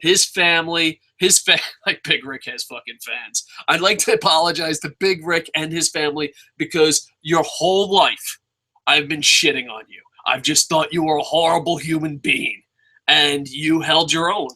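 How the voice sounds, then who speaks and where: A young man with a slightly high, bright and forceful voice tears through a wrestling review in a loose, rambling rant. He swears constantly, jumps between tangents and mocks himself as he goes. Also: moderate pace. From New Jersey. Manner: excitable, rambling, heavy swearing, self-mocking. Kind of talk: casual profane review rant.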